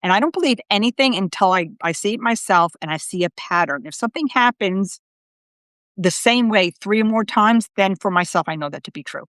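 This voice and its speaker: Lively woman medium telling stories. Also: mid-range voice, brisk, no echo. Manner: lively storyteller, acts out quotes with laughter. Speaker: psychic medium, show host. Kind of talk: casual conversational chat.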